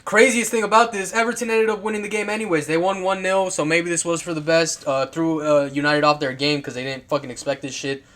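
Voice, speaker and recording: Male vlogger, slightly high voice, loose and profane, rambling football commentary full of fillers and restarts. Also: flat delivery, brisk, few pauses, fairly bright tone. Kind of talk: casual football commentary over clips.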